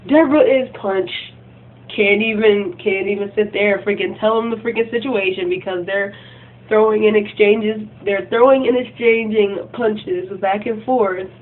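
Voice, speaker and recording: A woman's voice: medium pitch, steady tone, moderate pace. A woman vlogger ranting casually about a game, rambling and breathless, full of "like" and "freaking". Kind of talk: casual rant retelling a game. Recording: tinny phone-like recording, faint hum.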